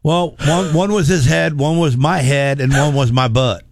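A man telling a story as a guest in a casual chat, plain-spoken and halting with restarts. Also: fairly high pitch, fairly even intonation, gravelly, no echo, studio quality.

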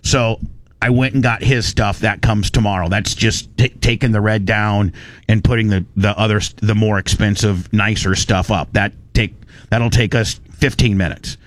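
A man's voice: lowish voice, fairly even intonation, moderate pace. A man hosting a radio show in a broadcast studio, telling a story in a blunt, heated, rambling way with many restarts. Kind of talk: on-air storytelling rant. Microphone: studio microphone.

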